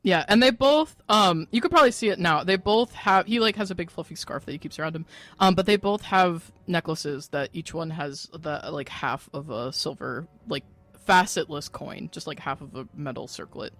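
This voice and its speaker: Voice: mid-range voice, moderate pace, a bit bright. A tabletop game player talking in a chatty, filler-heavy way. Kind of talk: casual tabletop play.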